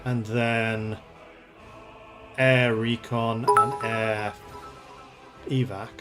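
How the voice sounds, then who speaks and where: A man's voice: mid-range voice, level tone, extremely slow, loud music behind the voice. A man streaming a strategy game, thinking aloud in a chatty, playful way as he plays. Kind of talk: casual gameplay commentary.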